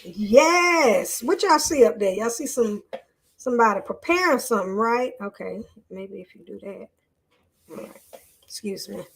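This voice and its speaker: A woman's voice: medium pitch, expressive, measured pace, vocal fry, slightly rough. A woman hosting a live online show, chatting casually with viewers and reading a news article aloud in a loose, off-the-cuff way.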